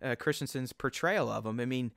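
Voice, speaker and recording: Profane, ranting man with a bright voice. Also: mid-range voice, fairly quick, gravelly, no room sound, studio quality. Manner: profane, animated ranting with acted-out quotes. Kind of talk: casual chat.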